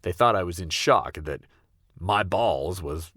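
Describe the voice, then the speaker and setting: Deep-voiced man telling a wry story. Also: animated, normal speed, sharp tone, no room sound, clean studio sound. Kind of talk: comedic first-person storytelling.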